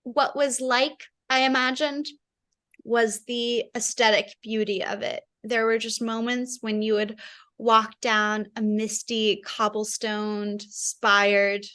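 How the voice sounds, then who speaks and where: A woman with a fairly high voice talks over a video call as a guest author. She muses reflectively, often reaching for "like", and breaks into laughter easily. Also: flat delivery, slow, sharp tone. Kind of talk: casual conversation.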